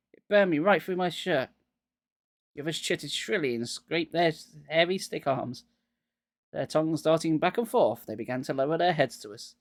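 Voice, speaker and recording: A man's voice: a little high, dry recording. A man getting over a cold, reading a children's horror book aloud live and dropping wry jokes between passages.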